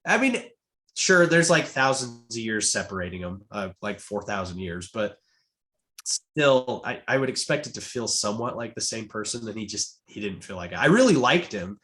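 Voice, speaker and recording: A man talking as a podcast guest in casual chat, animated and halting, with frequent repeated restarts. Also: on the low side. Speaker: guest Tolkien expert.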